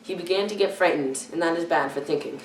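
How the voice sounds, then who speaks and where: A woman's voice: low-pitched, fast talker, soft background music. Teenage girl reading a storybook aloud. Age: teens. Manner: careful reading with frequent stumbles and self-corrections. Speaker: youth reader. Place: church hall. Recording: echoey room, far from the mic.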